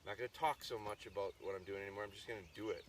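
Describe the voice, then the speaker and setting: A man's voice: on the low side, steady tone, racing. A man streaming live from a farm as a dog trainer, chatting to viewers and giving his dogs short firm commands. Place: outdoors on a rural farm. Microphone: phone or camera on a tripod. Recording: noisy outdoor livestream.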